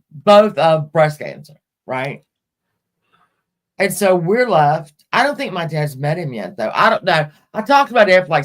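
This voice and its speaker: Blunt, profane middle-aged woman. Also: fairly low pitch. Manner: blunt and profane, rambling with restarts. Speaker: live stream host. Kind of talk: casual personal storytelling.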